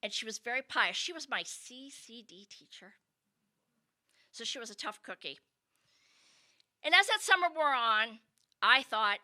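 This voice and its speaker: Bright, animated woman telling a funny story. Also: fairly high pitch, moderate pace. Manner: animated, wry asides to listeners. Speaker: comedic storyteller. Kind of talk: comedic storytelling.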